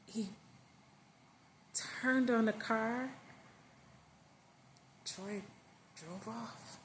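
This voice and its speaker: A woman's voice: a little high, drawn-out words, slight background noise. A woman narrating a story casually in her own words, with fillers and emphatic stress.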